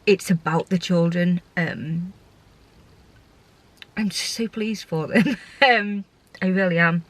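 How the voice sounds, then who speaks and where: A woman who works as a short-term foster carer takes it slowly as she works through her feelings in a casual, reflective vlog. Her lowish voice carries heartfelt, rambling talk marked by frequent restarts.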